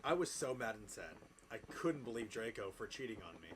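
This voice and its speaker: A man doing a comedic deadpan reading of fanfiction aloud, with laughing asides. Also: lowish voice, fairly quick, a crowd in the background. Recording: noisy background ambience.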